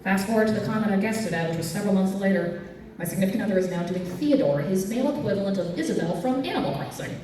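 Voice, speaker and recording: At a convention panel room, a cosplay comedian does stand-up storytelling, animated and quick to jump to squeaky highs when quoting fans. She sounds far from the mic, her voice ringing around a big echoey hall, with slight background noise.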